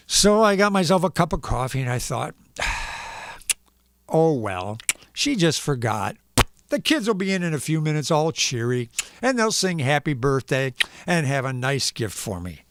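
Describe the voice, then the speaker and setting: A man's voice: fairly high pitch, a bit bright, no room sound. A man hosting a live stream who gives a playful comedic reading and makes sound effects for punctuation marks.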